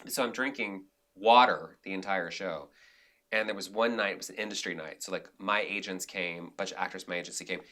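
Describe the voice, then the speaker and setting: A man talks as a podcast guest, telling stories in an animated, rambling way full of restarts. His voice sits somewhat low but comes through bright and forceful. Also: a little fast. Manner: animated storyteller, many restarts and "like"s. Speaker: guest, director and actor. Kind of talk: casual interview storytelling.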